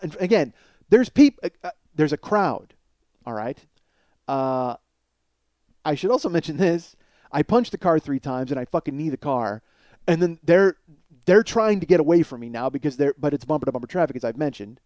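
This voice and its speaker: A man in his forties, a comedian host, telling a long story in a blunt, profane, animated way. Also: a little high, normal speed, no echo. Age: 40s.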